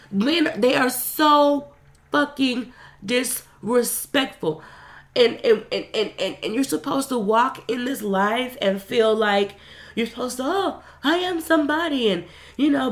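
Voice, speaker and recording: A woman talks straight to her audience in a frank, unscripted monologue. Her delivery is blunt and full of swearing, rising into loud outbursts and then dropping to quiet, subdued stretches. She restarts her sentences often and addresses her listeners as y'all. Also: on the high side. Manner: blunt and profane, with emotional swings between loud and quiet. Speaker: vlogger sharing a personal story. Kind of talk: candid personal monologue.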